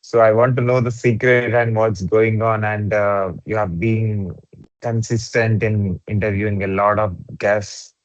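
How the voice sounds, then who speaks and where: A man's voice: fairly low pitch, flat delivery, unhurried, no room sound, lo-fi sound. A man hosting a podcast who asks questions hesitantly, with many fillers. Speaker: podcast host. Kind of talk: interview questions.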